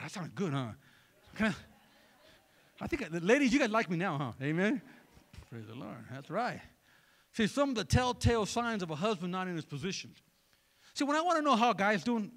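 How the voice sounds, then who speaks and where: Male pastor, sermon, animated pitch swings, loose and joking with the congregation. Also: gravelly. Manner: conversational, joking, asks the crowd for replies.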